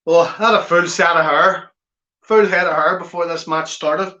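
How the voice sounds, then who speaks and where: A man's voice: on the high side, fairly even intonation, moderate pace, bright, forceful tone. A man hosting a live football watchalong from home, reading viewer comments aloud and teasing them in chatty banter. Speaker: watchalong host. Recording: slightly dull lo-fi audio.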